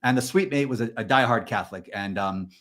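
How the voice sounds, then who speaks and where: A man's voice: medium pitch, quick pace. Casual storytelling man on a podcast. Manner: storytelling, animated, frequent fillers. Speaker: podcast co-host. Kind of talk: candid conversational talk.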